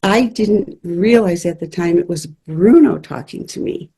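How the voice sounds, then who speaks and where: Woman, husky and mellow, earnest chatty storyteller, spiritual medium being interviewed. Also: fairly low pitch, measured pace. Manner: earnest, chatty, laughs through stories.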